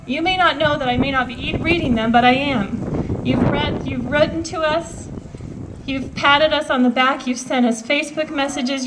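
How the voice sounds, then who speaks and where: A woman with a high voice gives an earnest, emotional speech at an outdoor rally. She speaks in her thirties' full voice, rallying the crowd. Faint noise sits under her words.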